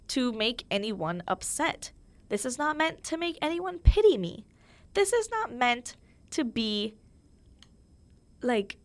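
A young woman hosting her own podcast in a casual, chatty way, full of fillers and self-mocking humor. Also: a little high. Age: young adult. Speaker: podcast host. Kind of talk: casual solo podcast chat.

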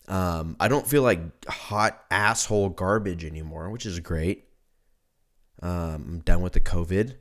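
A man's voice: deep voice, a little slow, fairly bright tone. A man hosting his own podcast in a casual solo monologue, drunk, congested, rambling and swearing freely. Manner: rambling and profane. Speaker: podcast host. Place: at home.

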